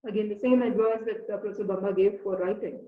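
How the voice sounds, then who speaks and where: A woman's voice: medium pitch, fairly even intonation, fast, slight background noise. A woman giving a webinar lecture on presentation skills, instructive and direct, sometimes acting out example quotes. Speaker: webinar speaker. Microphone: video call. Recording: echoey, phone-like webinar audio.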